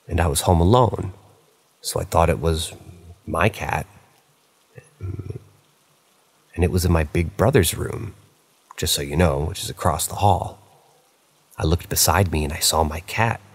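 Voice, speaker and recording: Husky guy reading paranormal stories, calm and plain, trips over a word now and then. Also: deep voice, no echo. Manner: plain, unhurried reading with small slips. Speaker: story narrator.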